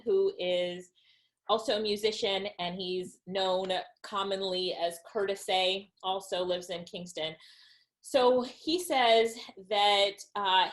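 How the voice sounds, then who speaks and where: Woman, online business trainer, upbeat, mid-pitched webinar delivery. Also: fairly bright tone. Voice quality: upbeat and enthusiastic, laughs between points.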